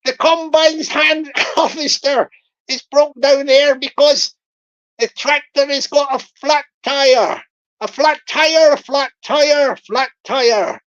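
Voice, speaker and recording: A woman's voice: sits high, takes it slowly. A woman voicing a wheedling male West Country scammer farmer who begs for money, repeating his pleas in a sing-song way. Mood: pleading. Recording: dull lo-fi recording.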